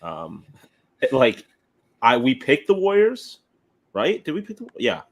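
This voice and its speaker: A young American man co-hosting a sports podcast, giving his opinions in a hedging, halting way. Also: medium pitch, huge pitch swings. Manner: hedging, many fillers and restarts. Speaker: podcast co-host. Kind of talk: casual sports chat.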